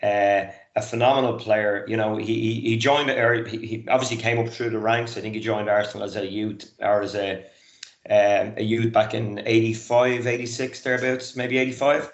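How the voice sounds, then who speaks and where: A man's voice: on the low side, fairly even intonation, normal speed. A man in his fifties, a guest in a casual chat, earnest and rambling with many fillers. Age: 50s. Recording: roomy lo-fi sound.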